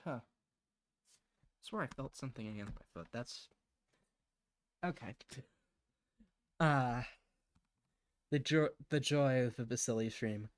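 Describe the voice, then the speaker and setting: A man's voice: medium pitch, slow pace, long pauses, no room sound. A chatty man talks his way through a live drawing stream in a medium voice. He rambles from thought to thought and breaks into laughs often. His voice sounds dry and close, with no room around it. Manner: mutters to himself while drawing. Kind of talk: casual live-stream chat.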